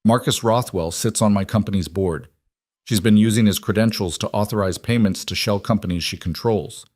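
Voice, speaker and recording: A male narrator voices a composed mafia boss who speaks low, calm and matter-of-fact, staying conversational and nearly gentle in a cold way. The performance is lightly acted at a moderate pace, and the recording is close and dry.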